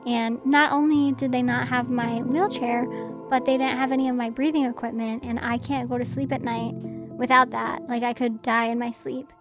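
Young woman, casual storytelling, slightly high voice, flat delivery, lots of "like" fillers. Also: moderate pace, music in the background. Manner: conversational, frequent "like" fillers. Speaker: interview guest.

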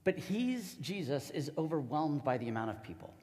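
A man's voice: on the high side, big pitch swings, moderate pace, darkish tone, long reverb tail. A man preaching a sermon as a pastor, telling the story casually and with animation.

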